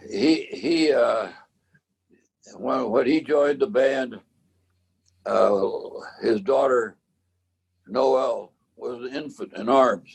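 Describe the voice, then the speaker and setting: A man in his nineties, a bandleader and cornet player, reminiscing in a casual interview with a halting, rambling way of telling stories. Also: mid-range voice, creaky, slightly rough. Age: 90s. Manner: rambling, halting storyteller with many restarts.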